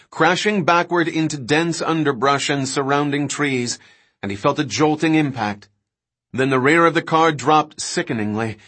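A man narrating an audiobook in a steady, dramatic reading. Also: fairly high pitch. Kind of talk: scripted narration.

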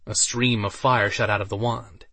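A man narrating a fantasy story in a steady, even storytelling manner. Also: on the low side, normal speed, gravelly, dry recording. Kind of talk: audiobook narration.

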